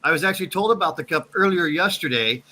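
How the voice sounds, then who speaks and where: An American man chatting casually on a live stream, halting and often restarting his sentences. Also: a little high, animated, bright, forceful tone, slight background noise. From United States. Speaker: chat guest.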